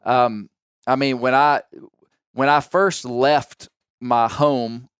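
A man with an Ozark Arkansas accent, hosting a podcast in casual chat and telling stories in long, animated tangents. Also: mid-range voice, takes it slowly, clean tone, no room sound, clean studio sound. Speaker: podcast host.

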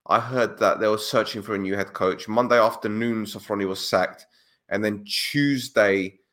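A man co-hosting a casual football podcast, speaking in a relaxed, blunt and opinionated way about insider club news. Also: lowish voice, moderate pace. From Cyprus. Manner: laid-back, blunt, opinionated.

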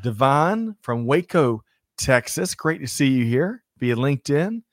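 An upbeat male host with a medium-pitched voice, recorded close and dry with no room sound. He talks briskly, cracks small jokes and reads out viewer names. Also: big pitch swings, no room sound. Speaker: livestream co-host. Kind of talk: upbeat live show banter.

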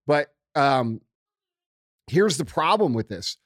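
A man's voice: fairly high pitch, sing-song, slow, a bit bright, no room sound, studio quality. A man co-hosting a casual political talk show, ranting heatedly and swearing often. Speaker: podcast co-host.

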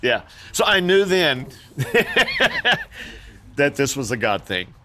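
An older man, a guest in an interview, telling stories in an animated way, often laughing and acting out the people in them. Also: medium pitch, slow, noisy background. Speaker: mall Santa guest. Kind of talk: storytelling in an interview.

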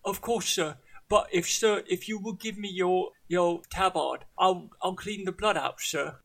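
A meek manservant, as a man plays him in a tabletop game, hesitant and endlessly deferential. His voice sits high and bright with a gravelly edge. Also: unhurried, exaggerated voice. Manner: meek, hesitant, says sir constantly. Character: timid, deferential male manservant.

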